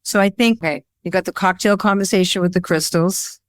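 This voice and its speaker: A woman photographer being interviewed, talking in a rambling, animated storytelling way with lots of fillers. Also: lowish voice, a little fast, no echo, clean studio sound. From Worcester, Massachusetts area. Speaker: guest, photographer. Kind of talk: casual interview chat.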